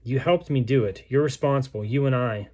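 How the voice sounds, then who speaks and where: A man's voice: mid-range voice, brisk, a little mellow, husky, natural voice. A man reading aloud the words of a starving, grief-stricken mother in a besieged city, in a solemn, pleading way. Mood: bitter, accusing.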